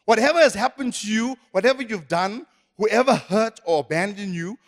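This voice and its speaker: High-voiced preacher in echoey hall. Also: male voice, expressive, moderate pace. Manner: emphatic, repetitive preaching. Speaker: pastor. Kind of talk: sermon. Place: church hall.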